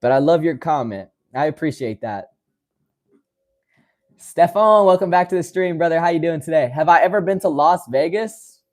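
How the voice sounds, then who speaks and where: Young livestream host from West Virginia, slightly high voice, easygoing, keeps calling viewers brother. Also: male voice, animated, moderate pace, darkish tone. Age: 20s. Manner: friendly, calls viewers brother, laughs often. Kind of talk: casual livestream chat reading comments.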